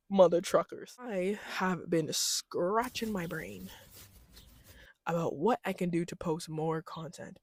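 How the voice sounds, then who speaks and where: A young woman vlogger telling a story in casual chat, slangy and animated, laughing often and switching into loud mocking voices when she quotes people. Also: fairly low pitch, no echo, studio quality.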